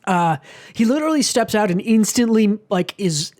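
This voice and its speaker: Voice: mid-range voice, animated, normal speed, a little mellow. Rambling casual podcast co-host. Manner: rambling with many fillers, swears freely. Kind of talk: casual book club discussion.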